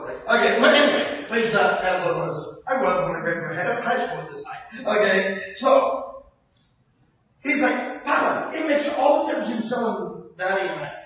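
An older male pastor preaches with a very high, lively voice, chatting with his congregation one moment and shouting the next. He sounds far from the microphone in a large, echoing church, and the recording is dull and muffled. His pitch swoops widely as he talks. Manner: conversational preaching with sudden shouts. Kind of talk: sermon. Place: church sanctuary. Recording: distant echoey hall, dull sound.

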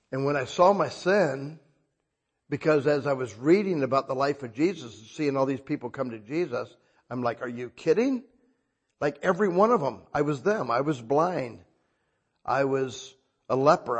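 Husky-voiced man preaching emphatically. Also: mid-range voice. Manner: emphatic, swings between soft confession and loud bursts; conversational, checks in with listeners. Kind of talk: sermon.

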